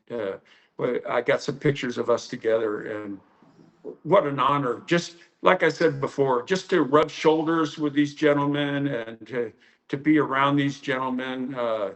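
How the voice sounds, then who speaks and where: A karate instructor from the United States telling stories in an interview, rambling with many fillers and acting out the quoted lines. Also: male voice, mid-range voice, fairly bright tone. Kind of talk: storytelling interview.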